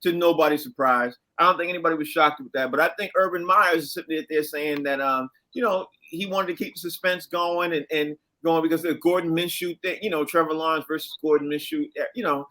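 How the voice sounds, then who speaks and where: Man, sports show host, high bright voice, chatty and quick to laugh. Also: steady tone. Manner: chatty, laughs easily, tosses questions to co-hosts. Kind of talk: casual sports talk.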